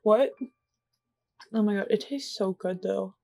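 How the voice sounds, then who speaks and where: A young woman vlogging her baking, excitable and gasping, swearing and repeating herself, reading recipe steps aloud between outbursts. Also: mid-range voice, takes it slowly, creaky, soft background music. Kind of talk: casual vlog.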